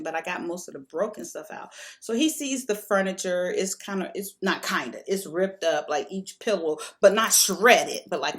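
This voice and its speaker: A woman vlogger telling a story at home in a chatty, rambling way. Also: lowish voice. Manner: chatty, rambling, many fillers. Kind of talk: casual storytime.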